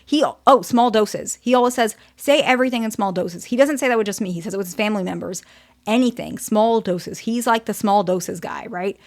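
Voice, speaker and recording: A woman's voice: mid-range voice, brisk. A woman therapist giving a casual, direct teaching talk, often checking in with "okay?".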